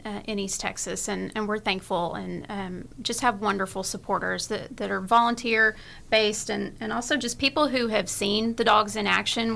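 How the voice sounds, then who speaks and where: Gravelly, bright woman radio guest. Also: mid-range voice. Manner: grateful, gently halting. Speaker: guest from a therapy animal charity. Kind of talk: radio interview.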